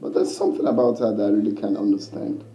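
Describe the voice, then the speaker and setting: A man's voice: on the low side, fairly even intonation, fast talker, dark tone, natural voice. An actor playing a cocky young prince talking with his mother, with a dismissive, joking manner. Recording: muffled, roomy film audio.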